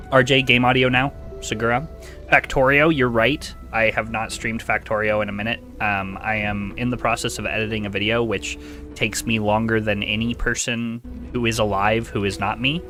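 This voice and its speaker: A man's voice: on the low side, fairly even intonation, normal speed, pushed and bright, faint music behind. A man streaming a video game, chatting casually with a wry, self-deprecating manner into a desk microphone.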